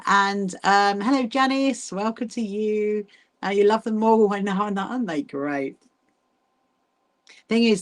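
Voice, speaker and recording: Middle-aged woman, rambling livestream host, warm-voiced chatter over her hand sewing. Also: lowish voice. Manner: chatty, rambling, many restarts and asides; greets viewers by name while hand sewing. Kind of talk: casual livestream chat.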